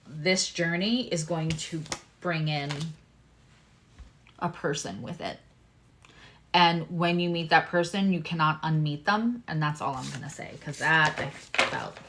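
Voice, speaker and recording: A woman doing a live-stream tarot reading, talking to her viewers with lively exclamations and asides. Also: on the low side, slight background noise. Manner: animated, talks to viewers, exclamations. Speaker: tarot reader.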